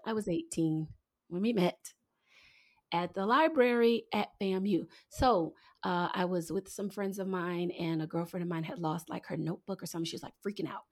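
A woman's voice: lowish voice, normal speed. A woman in her forties hosting a podcast, chatting casually and playfully teasing her guest. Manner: playful teasing, laughing often. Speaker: podcast host.

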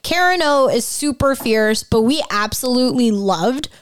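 Female podcast co-host in her thirties, slightly high voice, relaxed casual chat. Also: normal speed, clean tone.

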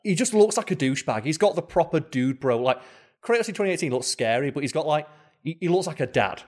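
A man's voice: on the high side, animated, fast talker, darkish tone. A man co-hosting a casual podcast chat, talking animatedly and acting out quoted lines in short snippets. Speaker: podcast co-host. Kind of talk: casual chat about video games.

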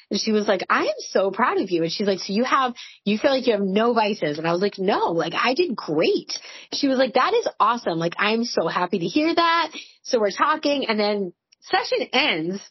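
Candid, husky-voiced woman in her forties. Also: mid-range voice, very animated, a little fast, no echo, highs cut off. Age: 40s. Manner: candid, swearing, storytelling with lots of "like". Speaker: podcast co-host. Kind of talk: casual chat.

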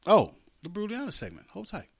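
Male radio host, a bit high-pitched, casual and rambling, quick to laugh. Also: wildly swooping pitch, gravelly, husky. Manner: rambling, joking, laughs often.

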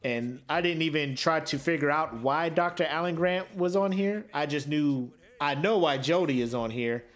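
A man's voice: fairly high pitch, moderate pace. A man co-hosting a podcast in casual chat, joking and slangy, laughing often. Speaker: podcast co-host.

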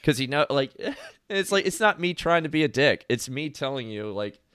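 A man's voice: on the high side, big pitch swings, moderate pace, fairly bright tone, clean tone, no echo, clean studio sound. A man telling stories in casual chat, rambling with lots of "like" and frequent laughter.

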